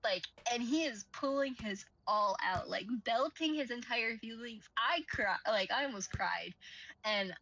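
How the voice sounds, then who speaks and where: A woman streamer chatting casually, retelling a film plot with lively storytelling and acted-out quotes. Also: fairly high pitch, measured pace. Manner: animated storyteller, acting out quoted lines. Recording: dull lo-fi mic with faint noise.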